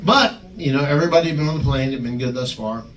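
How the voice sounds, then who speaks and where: A man on a podcast telling an animated wrestling story, chuckling and slipping into other people's voices. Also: medium pitch, racing. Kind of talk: casual storytelling. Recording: echoey, distant mic, faint background ambience.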